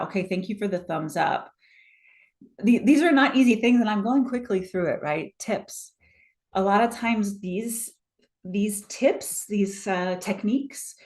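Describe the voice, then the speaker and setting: A woman presentation coach leading a live online workshop, energetic and encouraging, often checking in with her audience over a video call. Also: medium pitch.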